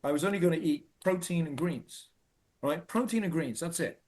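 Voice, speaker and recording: A middle-aged Irish man telling a personal story in an earnest, halting way, restarting and repeating phrases for emphasis. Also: a little high, a little mellow. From Ireland. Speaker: speaker telling his own story.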